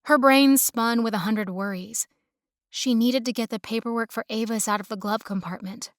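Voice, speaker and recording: Smooth-voiced woman narrating a romance. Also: a little high, normal speed, dry recording, studio quality. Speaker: audiobook narrator.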